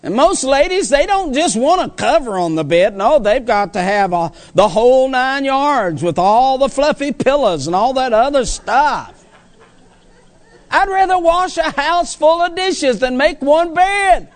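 A man's voice: very high-pitched, lively intonation, unhurried. A male preacher delivering a sermon in an emphatic, folksy way, repeating phrases for stress.

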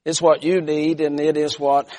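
Folksy preacher man with a high voice. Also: moderate pace. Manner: swings from loud shouted peaks to hushed low tones; folksy storytelling. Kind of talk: sermon.

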